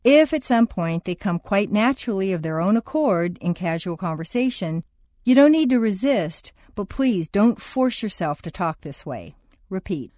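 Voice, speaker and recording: A woman giving calm, scripted instructions for a language course exercise. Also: medium pitch, normal speed, no room sound, clean studio sound. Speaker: course narrator.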